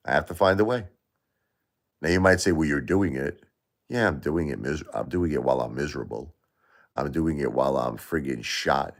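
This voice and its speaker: A middle-aged man hosting a livestream, talking emotionally to viewers and repeating himself as he grieves. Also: very deep voice. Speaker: livestream host.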